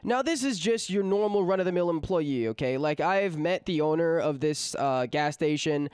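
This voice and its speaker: A man's voice: a little high, animated, normal speed, few pauses, darkish tone, smooth, no room sound, clean studio sound. A man vlogger telling a casual storytime in a chatty way with lots of fillers. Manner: chatty, many fillers and asides.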